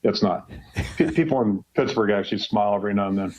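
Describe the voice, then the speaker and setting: A man's voice: fairly low pitch, expressive, fast talker, darkish tone, a little hiss or hum. A man in his sixties, a head football coach from Western Pennsylvania, chatting casually on a radio show with a rambling, folksy manner full of fillers. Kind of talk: casual radio call-in chat. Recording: dull lo-fi radio broadcast sound.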